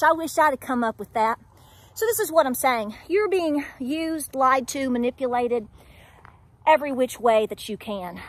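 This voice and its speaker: A woman's voice: high-pitched, a bit bright. A middle-aged woman with an Appalachian accent, talking straight to her viewers in an emphatic, preachy way full of rhetorical questions. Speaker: homestead vlogger. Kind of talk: candid talk to camera.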